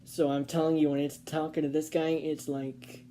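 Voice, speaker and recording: A woman's voice: deep voice, little pitch movement, moderate pace, warm tone, a little hiss or hum. A woman vlogger telling a casual storytime, rambling with fillers and restarts.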